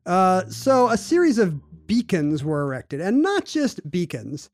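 Male co-host, lightly raised pitch, playful and inquisitive, dry studio sound. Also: huge pitch swings, measured pace, no echo. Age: adult with a child. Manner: curious, jokey, often laughing. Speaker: podcast co-host. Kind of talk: casual conversation.

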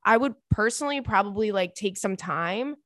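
A woman's voice: mid-range voice, lively intonation, normal speed, fairly bright tone, no room sound. Young woman, podcast host, blunt and candid, casual advice chat, dry close sound. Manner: blunt, candid, swears freely.

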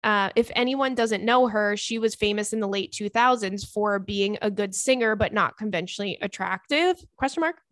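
A young woman hosts a podcast, chatting casually and reading listener messages with profane, animated asides and quick put-on voices. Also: medium pitch, dry recording, clean studio sound. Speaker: podcast host.

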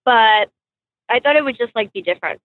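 A woman calling in by phone from a car, chatting in a brash, loud, bubbly way. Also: on the high side, animated, fairly quick. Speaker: guest. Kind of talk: casual chat. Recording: tinny phone line.

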